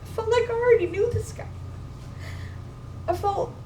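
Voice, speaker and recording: High-voiced woman, emotional and casual. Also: normal speed, mellow. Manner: emotional, casual, swears and says dude. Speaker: speaker at a memorial gathering. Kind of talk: personal storytelling to an audience. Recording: echoey room, distant mic, background noise.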